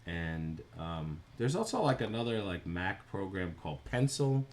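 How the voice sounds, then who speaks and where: A man's voice: deep voice, sing-song, a little slow, darkish tone, a little hiss or hum. A man with a New Jersey accent, chatting casually on a live stream while he animates, thinking aloud and answering viewers.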